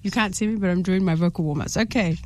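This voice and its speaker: A woman's voice: fairly low pitch, fast, heavy background noise. A woman hosting breakfast radio, playful and teasing with a mock-boastful streak, speaking into a studio microphone. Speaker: radio host.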